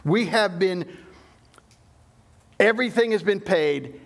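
High-voiced, gravelly preacher. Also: male voice, slow. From Southern United States. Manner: explanatory, emphatic teaching with repeated restarts. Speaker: pastor. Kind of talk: sermon.

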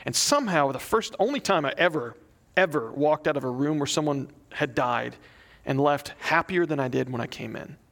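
A man's voice: fairly high pitch, animated, normal speed, gravelly, a bit bright. A young adult man preaching a sermon, reading a prayer aloud and telling a story in an earnest, conversational way. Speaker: pastor.

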